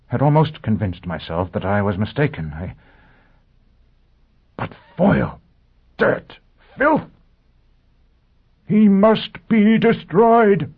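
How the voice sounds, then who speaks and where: A man voicing a haughty older male tycoon who turns frantic and then drones in a monotone, in an audiobook reading. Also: lowish voice, breathy edge, pitched above the performer's own voice, full character voice. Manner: shifts from frantic to droning monotone. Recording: tinny phone-like audio.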